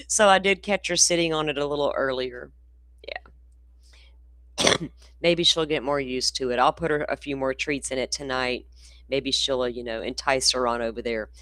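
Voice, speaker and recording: A woman's voice: a bass voice, normal speed, pauses often, a bit bright, dry recording, studio quality. A grandmother chatting folksily with her livestream viewers from home. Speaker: true crime channel host. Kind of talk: casual livestream chat. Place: indoors at home in the country.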